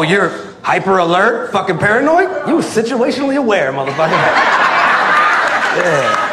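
Man in his 40s from Virginia, high voice, profane stand-up, booming in a roomy club over loud crowd laughter. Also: noisy background. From Tidewater, Virginia, USA. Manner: brash, profane, punchy with loud outbursts. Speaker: stand-up comedian, military veteran. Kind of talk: stand-up comedy set. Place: comedy club stage. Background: crowd laughing and clapping.

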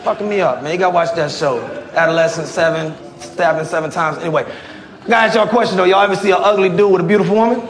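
A man in his forties from Virginia doing a stand-up comedy set, brash and profane with loud outbursts. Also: high-pitched, fast. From Tidewater, Virginia, USA. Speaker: stand-up comedian, military veteran. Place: comedy club stage. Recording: roomy club with audience laughter. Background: crowd laughing and clapping.

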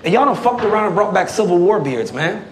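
A man in his forties from Virginia doing a profane stand-up comedy set, with loud bursts and laughing through his punchlines. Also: sits high, very animated, fast talker, very noisy. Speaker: stand-up comedian and military veteran. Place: comedy club stage before a live audience. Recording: echoey club with loud crowd laughter.

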